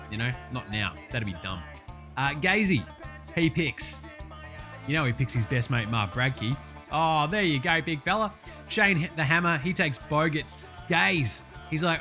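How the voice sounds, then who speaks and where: An Australian man hosting a casual sports chat, excitable and full of profane, matey banter. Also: fairly high pitch. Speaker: sports show host.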